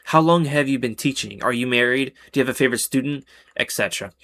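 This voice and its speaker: A man reads Reddit stories aloud in a loose, casual way, with a voice that sits at a middle, ordinary pitch. He keeps cutting in with sarcastic, exasperated remarks about what he reads. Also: fast talker, fairly bright tone. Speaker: Reddit story narrator. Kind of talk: reading posts with casual commentary.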